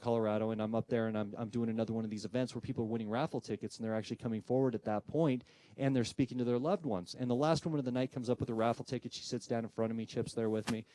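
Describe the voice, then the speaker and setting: A man with a medium-pitched voice, recorded with no echo, gives a live presentation on spirit communication. He tells a story animatedly, performing the voices of those he quotes.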